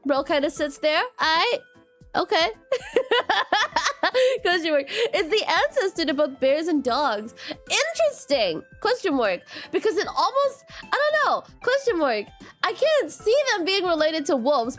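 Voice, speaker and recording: High-pitched woman, casual stream chatter, reads chat aloud, faint music behind. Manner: rambling, reads chat aloud, repeats "question mark"; animated, quick laughs and bursts of excitement.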